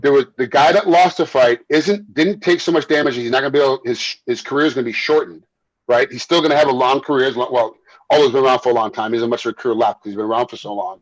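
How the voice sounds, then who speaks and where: A man with a husky voice talks through life as a fight referee and former fighter in a casual interview. He is animated, doubles back on his words and breaks into laughter. The sound is dry and close to the mic. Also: medium pitch, dry recording, rough recording. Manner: animated, repeats and restarts words, laughs while telling stories.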